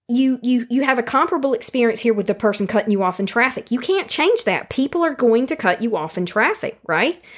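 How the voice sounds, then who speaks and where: A woman giving a calm, earnest self-help talk that speaks directly to the listener and repeats key phrases for emphasis. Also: on the high side. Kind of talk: teaching monologue on handling anger.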